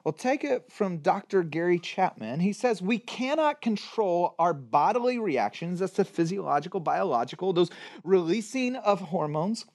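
A man with a high-pitched voice delivers a sermon as a pastor. He talks in an animated way, leaning on rhetorical questions and punching key words with strong emphasis. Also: normal speed.

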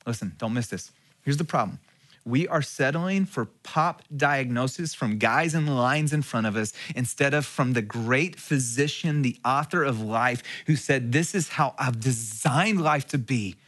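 A middle-aged man preaching a sermon as pastor, telling a personal story, dropping to a hush and then rising again. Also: medium pitch, moderate pace. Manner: storytelling with swings between hushed and raised passages.

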